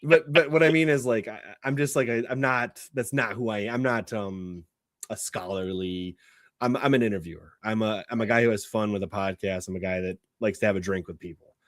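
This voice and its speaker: A man's voice: fairly low pitch, brisk, no room sound, clean studio sound. A man hosting a podcast in casual chat. He laughs often and restarts his sentences. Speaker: podcast host.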